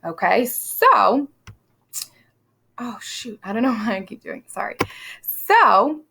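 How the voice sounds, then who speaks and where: A woman's voice: on the high side, sing-song, creaky, bright, forceful tone, a little hiss or hum. A woman teacher talking through a play in a conversational lesson, tossing questions to students and reading quoted lines aloud. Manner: conversational, with quick asides and quizzing questions. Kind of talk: recorded classroom lesson walking through a play.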